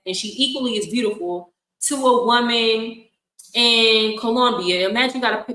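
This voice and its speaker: A woman's voice: on the high side, pushed and bright. A woman hosting a livestream, giving frank and blunt reaction commentary with frequent laughs. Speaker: livestream host. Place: home in Colombia. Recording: echoey room.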